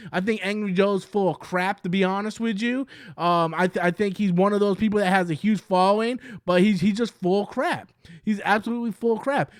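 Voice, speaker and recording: A man's voice: sits high, no room sound, clean studio sound. A man giving casual, heated commentary in a rambling style, often stumbling over his words as he restarts sentences. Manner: rambling and heated, with many restarts and quoted impressions. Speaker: commentary YouTuber.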